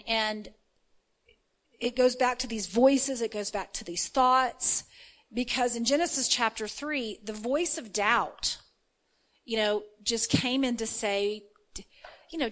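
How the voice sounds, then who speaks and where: A woman's voice: a little high, low-quality recording. A woman giving an informal sermon, chatty and full of fillers, reading scripture and checking in with her listeners. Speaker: preacher.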